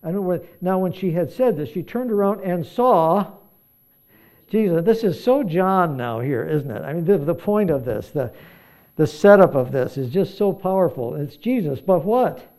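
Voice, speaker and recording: Soft-toned man preaching a reflective sermon. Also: high-pitched, animated, moderate pace. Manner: conversational, reflective, thinking aloud with restarts. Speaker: pastor.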